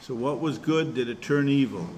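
Man, pastor, informal Bible study, conversational, verse-by-verse explaining, mid pitch, faint background noise. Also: moderate pace, a little mellow.

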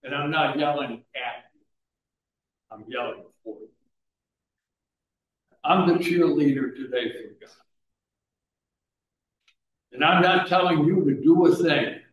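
Guy preaching in a church, bit high voice, super echoey, mic kinda far off. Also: takes it slowly, pauses often, highs cut off, slight background noise. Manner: preachy, swings from soft asides to raised exhortation. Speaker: pastor. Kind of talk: sermon. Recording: echoey room, mic at a distance.

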